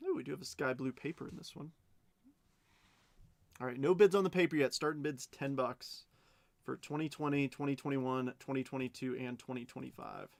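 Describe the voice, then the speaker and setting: A man's voice: mid-range voice, steady tone, a little fast, gravelly, darkish tone, no echo. A man hosting a live card break stream, chatting as he calls out cards and bids. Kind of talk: live stream auction chat.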